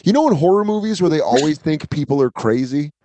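Male comedy podcast guest, animated storyteller, dry close sound. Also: a little high, fast, no room sound. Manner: animated storyteller, acts out quotes. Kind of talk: casual comedy chat.

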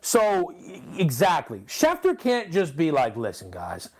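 A man's voice: high voice, wildly swooping pitch, unhurried. A man co-hosting a sports talk show, riffing casually and playing out imagined quotes. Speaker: sports radio co-host.

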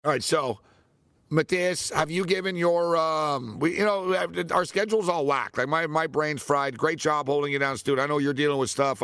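A man hosting a sports talk show, telling stories in a casual, animated way and laughing often. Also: mid-range voice, no room sound. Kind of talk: casual storytelling chat.

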